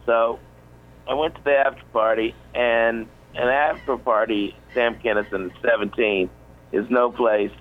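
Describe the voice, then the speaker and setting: A man's voice: medium pitch, fairly even intonation, unhurried, narrow, tinny audio. A man in his forties, a comedian, telling a rambling story on a radio show, full of fillers and restarts. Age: 40s. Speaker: comedian guest.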